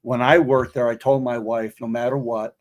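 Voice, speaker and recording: A man's voice: mid-range voice, little pitch movement, normal speed. An older man telling rambling stories about his working life in a casual interview. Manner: rambling storyteller. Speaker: guest, veteran.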